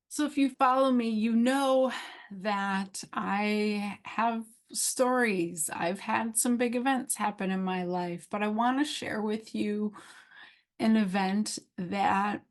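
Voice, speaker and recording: A woman podcast host and physician giving a heartfelt devotional talk, emotional and unhurried. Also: a little high. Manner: emotional, slow and heartfelt with bursts of speed.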